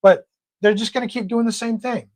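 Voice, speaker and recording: A man hosting a casual livestream discussion, talking in a blunt, slangy, animated way. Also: very high voice, brisk, dry recording. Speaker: livestream host.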